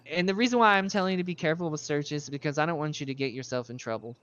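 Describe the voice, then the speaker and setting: A man's voice: fairly high pitch, racing, a bit bright, clear, resonant tone, muffled recording. A man in a casual roleplay chat, training a new recruit as sheriff, rambling through stories, laughing often and swearing casually. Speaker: streamer playing a sheriff.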